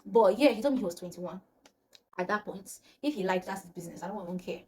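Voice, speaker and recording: A young woman with a Nigerian accent telling a personal storytime to her viewers in a chatty, animated way. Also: medium pitch, fast talker, a little hiss or hum. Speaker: vlogger. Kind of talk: storytime vlog.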